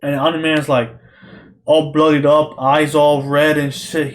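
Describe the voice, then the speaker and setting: A young man talks alone in an excited, rambling way, heavy on slang and swearing. His voice sits a little higher than most men's. He keeps circling back and repeating himself as he reviews. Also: moderate pace. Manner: excited, profane, repetitive slang-heavy talk. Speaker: podcast host reviewing a show. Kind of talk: casual solo rambling review.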